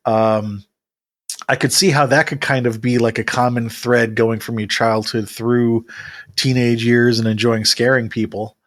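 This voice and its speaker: Male podcast host, relaxed, reflective questioner. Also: medium pitch, unhurried. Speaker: host, interviewer. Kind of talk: casual interview.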